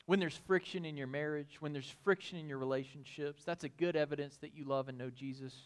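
A male pastor preaching an expository sermon, folksy and animated, building to excited emphasis. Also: fairly high pitch, fairly quick, clean tone.

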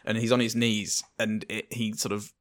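Halting, playful man. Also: on the low side, little pitch movement. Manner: halting, many ums, playful. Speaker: podcast co-host. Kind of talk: casual film-review chat.

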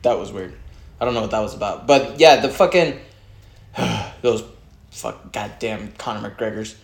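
A man in casual chat with a friend, relaxed and quick to laugh, swearing now and then. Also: fairly low pitch, creaky. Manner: laid-back, laughs often, profane. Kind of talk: casual chat while watching fights. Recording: roomy echo.

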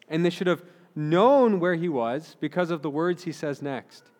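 A man's voice: on the high side, animated, normal speed. A man in his thirties, a pastor giving an earnest, conversational sermon with frequent restarts. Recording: long hall reverb.

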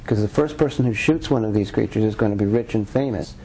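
Earnest rambling man, dark voice. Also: lowish voice, fast, slight background noise, poor audio. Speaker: author and Sasquatch researcher. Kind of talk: conversational interview.

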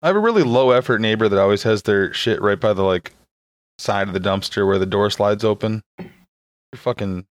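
A man's voice: fairly low pitch, a little fast, no echo, studio quality. A young man hosting a comedy podcast, riffing casually, laughing often and swearing. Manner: laughs often, swears, riffs and acts out bits. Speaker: podcast host.

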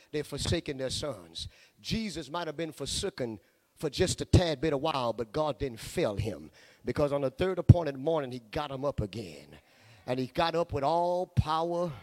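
A man preaching a sermon, repeating phrases and swelling into sung, shouted cadences. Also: fairly high pitch. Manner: chanting, sing-song cadence rising into shouts.

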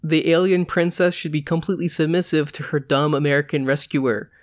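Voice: mid-range voice, steady tone, fairly quick, natural voice. A reader voicing a teasing young musician man.

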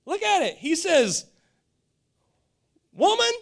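Animated high-voiced male preacher. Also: measured pace. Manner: animated storytelling, repeats words. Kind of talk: sermon.

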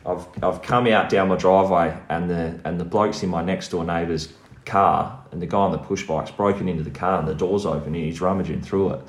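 Australian man, very low voice, casual swearing storyteller, roomy echo. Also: steady tone, fairly quick. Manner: swears freely and laughs through the tale. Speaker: podcast guest.

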